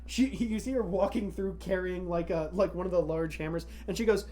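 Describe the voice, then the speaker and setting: A man's voice: high-pitched, a little fast, mellow. A man narrating as game master of a tabletop game, rambling with lots of fillers. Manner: rambling, full of fillers and laughs.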